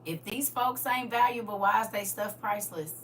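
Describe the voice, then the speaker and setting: Woman host, bright tone, preachy rhetorical talk, set back from the mic with faint hum. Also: mid-range voice, normal speed, recorded from a distance. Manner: preachy, rhetorical questions, swings from loud to quiet. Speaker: host reading and commenting on scripture. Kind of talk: casual livestream commentary.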